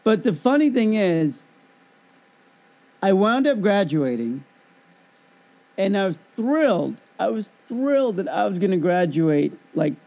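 A man in his fifties in casual chat, telling an animated story and acting out both sides of a conversation. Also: high voice, unhurried, vocal fry, long pauses. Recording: dull lo-fi recording.

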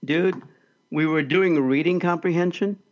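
A man co-hosting a podcast, telling a story in an animated, excitable way. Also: on the high side, measured pace, muffled recording. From California. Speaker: podcast co-host. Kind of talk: casual storytelling chat.

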